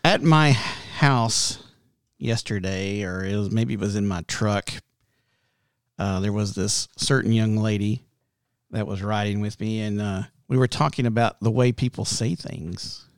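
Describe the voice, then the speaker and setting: Low-voiced Texan man chatting. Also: a little slow, clear, resonant tone, no echo, clean studio sound. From Texas. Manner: rambling storyteller with many restarts. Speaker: podcast host. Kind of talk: casual chat.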